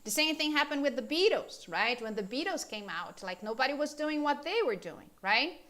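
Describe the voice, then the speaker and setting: A woman's voice: high-pitched, lively intonation, normal speed, pushed and bright. A woman from Brazil, a native Portuguese speaker, teaching a live English class in a chatty, informal way, with many fillers and questions put to viewers.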